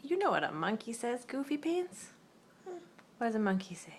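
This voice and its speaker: A mother speaking to her toddler at lunch at home, asking gentle questions and making playful animal noises to coax the child along. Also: on the high side, very animated, normal speed, a little hiss or hum. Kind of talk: coaxing a toddler to make animal sounds.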